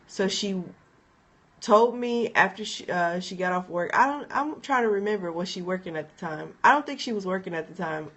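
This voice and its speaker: A woman speaking on a live stream, telling her own story with emphatic repetition. She voices the words of people in the story as she goes, at a medium pitch. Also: normal speed, fairly bright tone, muffled recording. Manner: emphatic, repeats phrases, acts out the friend's encouraging words. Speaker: inspirational speaker. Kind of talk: live-stream personal testimony.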